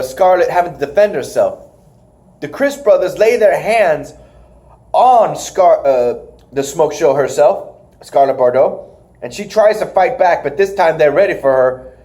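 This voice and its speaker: A young man talks through wrestling matches in a loose podcast chat. His voice sits a bit high and jumps all over, and he laughs often and sometimes slips into a squeaky imitation. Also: darkish tone. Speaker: podcast co-host reviewing wrestling. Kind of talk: casual recap chat.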